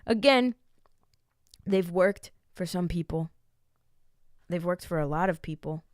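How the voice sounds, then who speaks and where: A woman's voice: on the low side, measured pace, no echo, clean studio sound. A woman in her late twenties telling a personal story in a frank, rambling way, swearing freely. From United States. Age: late 20s. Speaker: vlogger. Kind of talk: candid casual storytelling.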